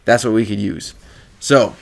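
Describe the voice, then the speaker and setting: A man's voice: lowish voice, fairly even intonation, unhurried, gravelly. A young man telling a story from an online game in a casual, profane vlog. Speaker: gaming video creator.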